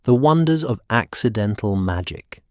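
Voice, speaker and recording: A chatty teenage boy who chimes in cheekily, voiced by a man. He sounds low and unhurried, close to the mic in a dry room. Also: expressive, no room sound, natural voice. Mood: cheeky.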